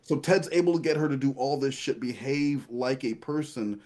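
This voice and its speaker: A man's voice: medium pitch, moderate pace, dark tone. A man with an ordinary mid-range voice giving casual watch-along commentary. He rambles through trivia about the cast and swears casually as he goes. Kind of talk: casual commentary over a TV show.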